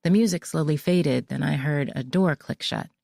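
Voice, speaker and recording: A woman narrating a mystery audiobook in the first person, with measured storytelling. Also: deep voice, gravelly, mellow, no room sound, clean studio sound.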